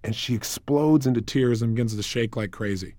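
A man's voice: mid-range voice, brisk, warm tone, no echo, studio quality. A man giving a recorded self-help lecture as a motivational speaker, emphatic and repetitive, telling stories.

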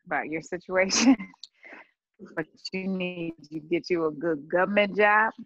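A woman co-hosting a podcast in casual chat, animated and insistent when making her point. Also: on the low side, unhurried, no echo. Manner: animated, insistent, laughs often. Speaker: podcast co-host. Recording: dry, slightly dull lo-fi sound.

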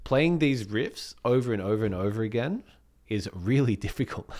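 A man's voice: mid-range voice, moderate pace. A man with an Australian accent, chatting casually as a podcast co-host about making music, rambling a little as he goes. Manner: rambling, relaxed, with fillers. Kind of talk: casual chat.

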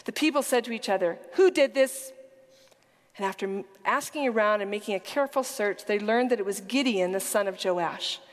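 A woman's voice: mid-range voice, a little fast, hardly any pauses. Woman preacher, earnest and emphatic sermon delivery, occasional whispers, long hall reverb. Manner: earnest, emphatic storytelling, dropping to a whisper at times.

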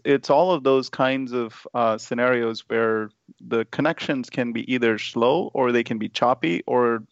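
A man guest explaining use cases in a measured way, with "uh" fillers. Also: medium pitch, gravelly, dry recording, muffled recording. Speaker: expert guest. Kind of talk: conversational explanation.

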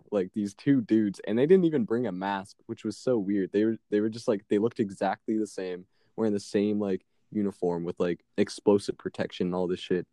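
A man's voice: fairly low pitch, mellow, no room sound, clean studio sound. A young man casually telling a long, profane story as a podcast co-host, laughing now and then.

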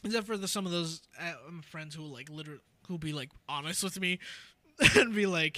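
A man's voice: high voice, brisk, pushed and bright, a little hiss or hum. A young man chatting casually on a podcast, rambling through stories with a self-deprecating, laughing manner. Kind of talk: casual chat.

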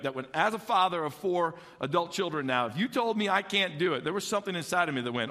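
A middle-aged male pastor preaching, his voice high and bright as he tells stories with animated energy. He acts out childhood voices along the way. The sound carries a long echo, as in a large church hall. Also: fast talker, few pauses. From Illinois. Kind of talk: sermon.

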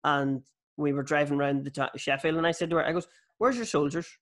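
Fast-talking man host. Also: fairly high pitch. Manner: animated storyteller, joking. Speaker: podcast host. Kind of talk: casual interview chat.

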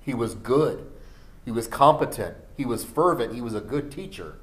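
A man's voice: medium pitch, animated, normal speed. A man preaching a sermon, earnest and building to emphatic peaks, with a cough. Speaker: pastor.

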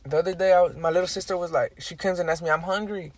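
A young man in casual chat, an animated storyteller who uses heavy slang and profanity and acts out the quotes. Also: sits high, quick pace, no echo.

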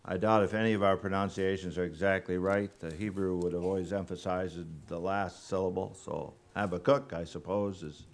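A man giving a sermon as a guest preacher, unhurried and halting, with frequent pauses and fillers. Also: deep voice, fairly even intonation.

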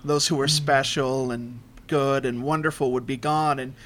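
A man's voice: mid-range voice, fairly even intonation, normal speed, fairly bright tone. A man hosting a casual podcast with teasing, laughing banter. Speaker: podcast host.

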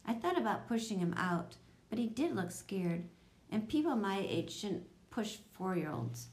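A woman narrating a children's chapter book in a steady, even storytelling voice. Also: mid-range voice, moderate pace. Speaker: audiobook reader.

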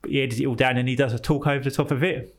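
A man's voice: medium pitch, steady tone, racing. A British man co-hosting a podcast, casually recommending shows and channels with enthusiasm. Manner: enthusiastic recommender, explains at length. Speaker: podcast co-host. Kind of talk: casual chat.

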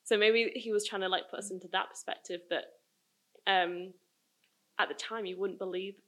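A woman talks in a relaxed group discussion, thinking aloud about a film. She is chatty, with many "like" fillers. She has a middle-pitched voice. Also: normal speed. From UK countryside.

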